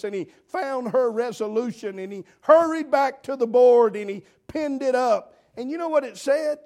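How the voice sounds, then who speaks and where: A man's voice: very high-pitched, normal speed, few pauses, darkish tone. A man preaching a folksy sermon, telling homespun stories in an earnest, repetitive way. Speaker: pastor.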